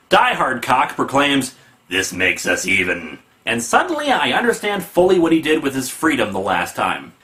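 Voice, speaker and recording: A man's voice: on the high side, sharp tone. A man hosting a sarcastic comedic comic book review, snarky and mocking.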